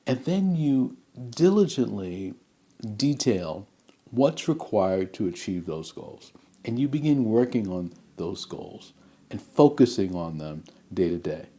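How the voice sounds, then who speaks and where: Casting note: male motivational speaker, low, warm voice, unhurried and emphatic. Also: sing-song, breathy edge. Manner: measured, emphatic, with deliberate pauses. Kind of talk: motivational talk to camera.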